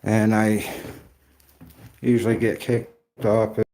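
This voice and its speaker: A man's voice: on the low side, level tone, takes it slowly, warm tone. A man doing a paranormal investigation vlog, out of breath and rambling as he talks to the camera. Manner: rambling, self-interrupting. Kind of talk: casual vlog talk.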